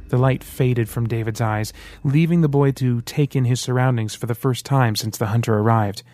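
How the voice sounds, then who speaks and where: A man narrating an audiobook in a steady, dramatic storytelling manner. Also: medium pitch, normal speed, no echo, soft background music. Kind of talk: scripted narration.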